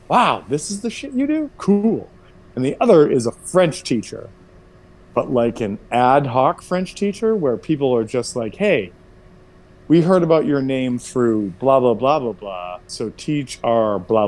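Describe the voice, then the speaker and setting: A young man casually telling a profane, animated story to friends, jumping into high voices for quotes. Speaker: player chatting before a tabletop game session.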